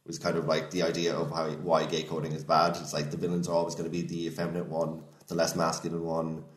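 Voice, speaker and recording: A man co-hosting a podcast, talking in a relaxed, halting way with fillers. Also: rumbling low. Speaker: podcast co-host. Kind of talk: casual podcast chat. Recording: roomy echo.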